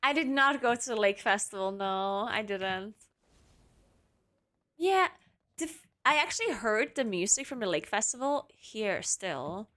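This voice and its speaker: A woman's voice: medium pitch, expressive, unhurried, pushed and bright. A woman streamer chatting casually with her viewers from her apartment, talking in loose runs full of fillers and restarts. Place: home apartment.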